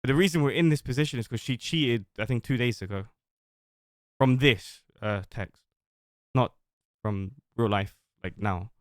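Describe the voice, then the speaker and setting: A man's voice: medium pitch, normal speed, pauses often, no room sound, studio quality. A man streaming live, reading out text messages and commenting on them in a blunt, casual way with plenty of swearing. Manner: casual, blunt, swears freely, thinks aloud.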